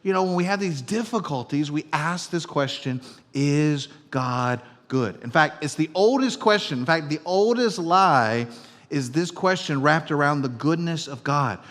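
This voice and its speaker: A middle-aged man preaching a sermon as pastor, telling everyday stories in a conversational way and dropping from loud to hushed. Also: on the high side, animated, unhurried. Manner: conversational storytelling, swinging between loud and hushed. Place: church auditorium. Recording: long reverb of a church hall.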